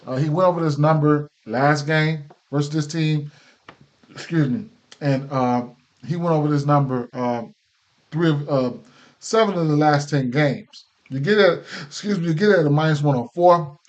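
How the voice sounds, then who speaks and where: A man's voice: on the high side, normal speed, dull audio. Casual man talking betting picks. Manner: loose, filler-heavy, repeats himself. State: hiccups. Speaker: sports betting host.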